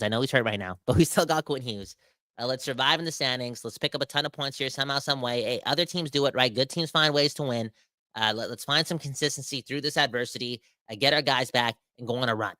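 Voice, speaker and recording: A man hosting a sports podcast, ranting with animated, emphatic exasperation. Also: medium pitch, no echo, clean studio sound. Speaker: podcast host.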